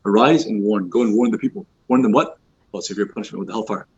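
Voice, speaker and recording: Fast-talking husky man teaching youth. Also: on the low side. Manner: fast, informal, many fillers like "you know" and "like"; acts out quoted speech in lively voices. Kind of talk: casual religious talk to youth. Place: mosque hall. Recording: dull lo-fi recording.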